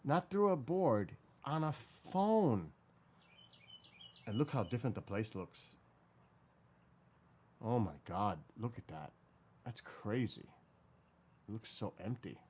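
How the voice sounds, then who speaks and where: A man in a mid-pitched voice who chats casually and mutters to himself while searching through his files. He drifts between quiet asides and fuller explanations. Faint crickets and insects chirp in the background. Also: big pitch swings, takes it slowly, pauses often, a little hiss or hum. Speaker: gaming streamer and drummer. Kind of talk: casual chat.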